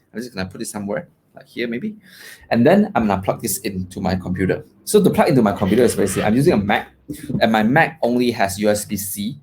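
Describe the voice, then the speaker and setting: A man's voice: on the low side, a little hiss or hum. A man casually reviewing a USB desk mic at his home desk, chatty, with many fillers and a habit of tagging "right?" onto his points. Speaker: tech reviewer. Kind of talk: casual product demo. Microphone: desk USB condenser mic.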